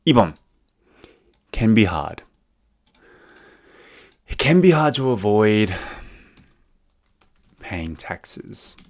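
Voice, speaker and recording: A man with an Australian accent leads a bilingual English lesson, keeping his words slow and clear. His voice sits on the low side but moves up and down with lively intonation. He often stops to repeat things in Korean translation. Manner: explains slowly and clearly, switching into Korean. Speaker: English teacher.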